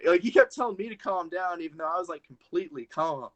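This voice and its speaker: A man's voice: high-pitched, fast, fairly bright tone. A young man, a wrestler guest, chatting casually on a podcast and telling a rambling story full of "like"s.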